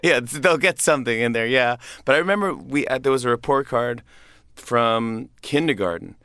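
Chatty comedian dad on a dry mic. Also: male voice, mid-range voice, moderate pace, a bit bright, clean tone, dry recording. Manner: chatty, laughing, with many restarts. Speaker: comedian guest. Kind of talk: casual interview conversation.

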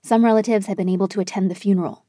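A woman news correspondent reading a scripted report in a measured, even way. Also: medium pitch, no room sound, clean studio sound.

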